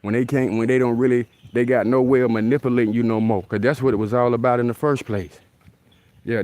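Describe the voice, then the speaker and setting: A man's voice: mid-range voice, a little mellow, dry recording. A man talking casually in a loose, repetitive street style, recording himself outdoors in a rural spot. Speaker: vlogger. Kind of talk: casual outdoor vlog talk. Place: outdoors in a rural area near deer.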